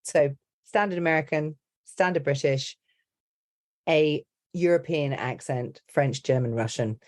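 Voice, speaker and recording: Her voice is deep and slightly mellow, and she takes her time: a middle-aged accent and dialect coach explaining her approach in a loose, talkative podcast interview, full of "you know, like."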